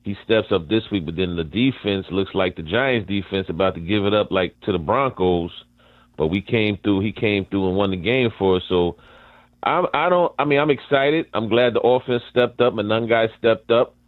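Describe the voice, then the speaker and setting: A man calling in to a sports radio show, an excited fan who rambles. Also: fairly low pitch, moderate pace, no echo. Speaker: caller. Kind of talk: casual call-in chat. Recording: tinny phone line.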